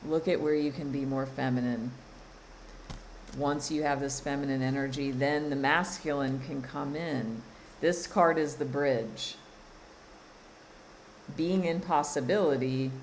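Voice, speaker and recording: A woman's voice: very deep voice, a little slow, a little hiss or hum, poor audio. A woman coaching her listeners on a live stream, speaking in an emphatic way, repeating phrases and often laughing. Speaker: spiritual coach and card reader. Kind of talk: live-streamed spiritual guidance.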